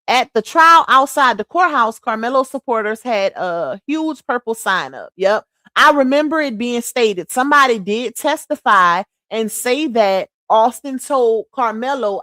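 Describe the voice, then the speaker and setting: A woman's voice: on the high side, animated, a little slow, fairly bright tone, dry recording, clean studio sound. A woman giving casual live-stream commentary, emphatic and repetitive, talking straight to her chat. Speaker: livestream commentary host.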